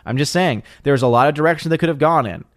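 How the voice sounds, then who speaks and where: A man casually reading and joking about viewer comments on a live stream, in an animated, playful way. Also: a little high, quick pace. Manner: animated, jokey riffing on chat comments.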